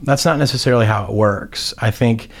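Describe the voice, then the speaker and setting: Talking casually and a little fast in a lowish voice, a pastor works through a passage of the Bible. His delivery meanders with frequent restarts and fillers, and he performs the quoted lines of the characters.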